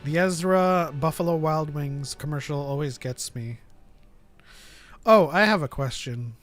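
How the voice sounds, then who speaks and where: A man's voice: a little high, unhurried, faint music behind. A man co-hosting a casual chat podcast, playful and laughing often. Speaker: podcast co-host.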